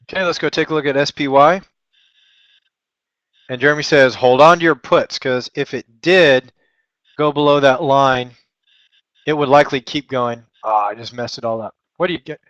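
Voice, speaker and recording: A man's voice: medium pitch, moderate pace, pauses often, fairly bright tone, no room sound, muffled recording. A man from Texas hosting a live trading lesson, thinking aloud in a chatty, joking and self-deprecating way with rambling asides. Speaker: trading webinar host.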